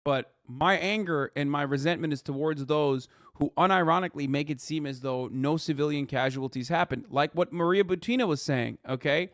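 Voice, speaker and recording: A man's voice: moderate pace, hardly any pauses, dry recording. Profane ranting male streamer, dry close mic. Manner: profane, ranting, swings between loud outbursts and low mutters. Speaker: streamer reacting to a news video. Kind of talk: live reaction commentary.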